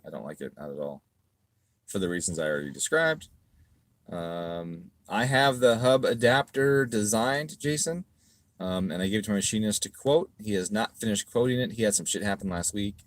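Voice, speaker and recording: A middle-aged man answering viewers' questions in a casual livestream, profane and ranting, mocking critics. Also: no echo. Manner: profane, ranting, mocks critics in shrill voices. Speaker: car parts business owner answering live chat.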